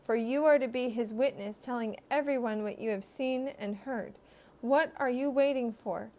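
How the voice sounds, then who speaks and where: Devout godly man, woman reader, gentle and urging. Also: on the high side, normal speed, close to an everyday voice. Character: godly devout older man giving a blessing.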